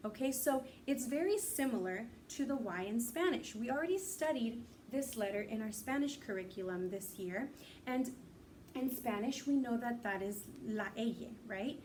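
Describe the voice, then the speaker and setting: A young woman teacher giving a slow, sing-song phonics lesson to young children, drawing out the letter sounds. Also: on the high side, animated, darkish tone, recorded from a distance, slight background noise. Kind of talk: recorded kindergarten phonics lesson.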